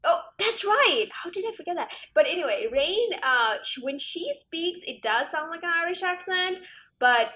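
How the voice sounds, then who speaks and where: A woman's voice: very high voice, expressive, moderate pace, pushed and bright. A woman co-hosting a comics podcast, talking in a rambling way full of fillers and laughter. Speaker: podcast co-host. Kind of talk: casual comic book chat.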